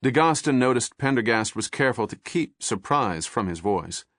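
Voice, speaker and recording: A man narrating a thriller audiobook in a measured, steady scripted style. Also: mid-range voice, no room sound, studio quality.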